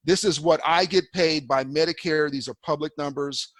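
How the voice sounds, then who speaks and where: A man's voice: fairly high pitch, normal speed, fairly bright tone, no room sound. A man giving a folksy, conversational continuing-education lecture to eye doctors, often repeating himself.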